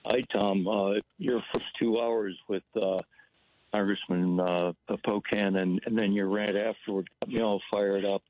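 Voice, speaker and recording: A man calling in to a radio show, speaking haltingly and stumbling over his words. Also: fairly low pitch, fairly even intonation, no echo. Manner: halting, many fillers. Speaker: caller. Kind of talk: call-in radio. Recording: dull dry phone line.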